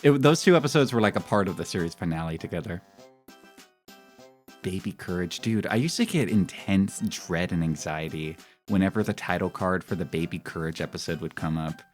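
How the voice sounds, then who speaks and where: This streamer, a man in his thirties, has a low voice and talks briskly as he rambles to his audience. His pitch swings widely when he gets animated, and he laughs along with his own stories. Soft music plays faintly in the background.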